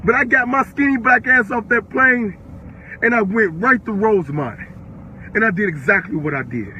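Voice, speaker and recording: A man's voice: sits high, moderate pace, sharp tone, highs cut off, a little hiss or hum. An eighteen-year-old man from the Chicago area, ranting on a livestream, furious and profane, repeating himself. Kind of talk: angry livestream rant.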